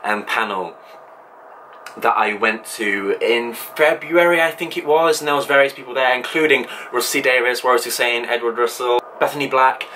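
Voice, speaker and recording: A male vlogger talks straight to his viewers, keen and chatty, with ums between thoughts. His voice has a bright, forward edge. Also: medium pitch, normal speed, a little hiss or hum, rough recording. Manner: enthusiastic, chatty, with frequent ums. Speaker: channel host. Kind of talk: casual vlog talk to camera.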